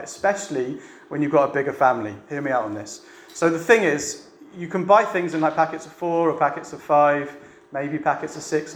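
A man preaching a sermon to a church meeting in a chatty way, often asking the room rhetorical questions. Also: fairly high pitch. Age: adult with a family. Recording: echoey room with faint ambience.

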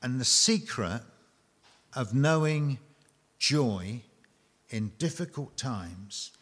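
A man preaching a sermon to a congregation, emphatic and dramatic, with long pauses and repeated phrases. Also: mid-range voice, expressive, a bit bright.

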